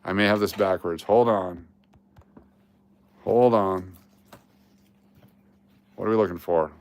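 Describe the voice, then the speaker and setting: A man talking through a coin roll hunt at his table, muttering to himself, getting excited at finds and groaning at misses. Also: sits low, slow. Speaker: coin roll hunting host. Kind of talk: casual coin-hunting commentary.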